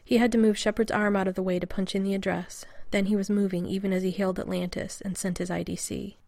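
A woman narrating a story in a steady, measured reading. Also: medium pitch, vocal fry, no echo. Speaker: reader. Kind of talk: audiobook narration.

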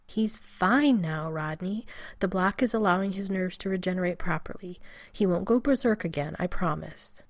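A woman voicing a gentle, soft-spoken male doctor at a bedside. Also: lowish voice, normal speed, no room sound, natural voice. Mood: soothing. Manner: gentle, quiet.

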